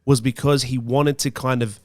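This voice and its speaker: A man's voice: medium pitch, flat delivery, moderate pace, no echo, studio quality. A man hosting a podcast, blunt and swearing in casual chat. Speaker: podcast host. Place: podcast studio.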